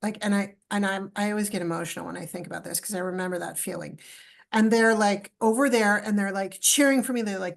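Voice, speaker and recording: A middle-aged woman, a podcast guest, telling a personal story with lively acted-out dialogue. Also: mid-range voice, fast talker, vocal fry. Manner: animated storyteller, acts out dialogue.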